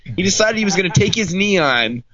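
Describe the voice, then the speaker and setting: A man's voice: high voice, very animated, a little fast, pushed and bright, muffled recording. A man telling teasing stories about an old friend in a casual pub chat. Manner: teasing storyteller. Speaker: high school friend of the host.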